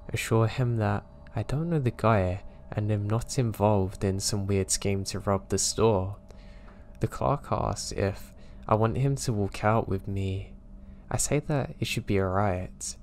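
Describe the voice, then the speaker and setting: A man narrating true scary stories in a steady, low-key storytelling voice. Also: slight background noise. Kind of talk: scripted narration of listener stories.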